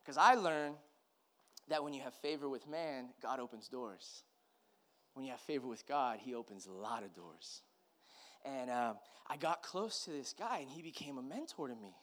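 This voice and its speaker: A man preaching as a pastor, telling a personal story in a conversational way that swings from hushed to emphatic. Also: mid-range voice, lively intonation, unhurried. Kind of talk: sermon storytelling.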